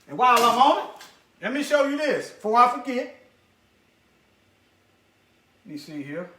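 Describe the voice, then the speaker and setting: Talking fast with big swings in pitch, a man whose voice is very high, bright, and sharp-edged gives preachy commentary aimed at his viewers. He repeats short phrases for emphasis and mutters asides while searching on screen, in an echoey, spacious room.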